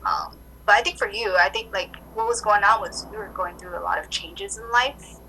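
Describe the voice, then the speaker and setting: Woman, acupuncturist, casual storyteller, lots of fillers, bright tone, tinny phone sound. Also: medium pitch, normal speed, slight background noise. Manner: animated storytelling, many "like" fillers. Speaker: acupuncturist guest. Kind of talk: casual interview chat.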